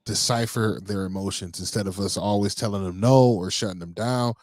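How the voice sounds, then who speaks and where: Low-voiced dad rambling thru a parenting story on a podcast, dry sound. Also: male voice, a little fast, no room sound. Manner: relaxed storytelling with many fillers. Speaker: podcast co-host. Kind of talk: casual chat.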